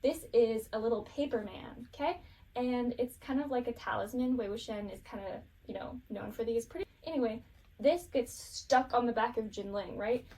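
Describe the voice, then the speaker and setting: A woman's voice: on the high side, normal speed, a little mellow, far from the mic. A woman casually recapping a show, rambling and giggling, with lots of fillers.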